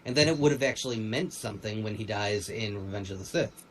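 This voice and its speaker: A man's voice: fairly low pitch, quick pace, a little hiss or hum, rough recording. A man co-hosting a casual pop-culture discussion, rambling and restarting his sentences. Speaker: podcast co-host.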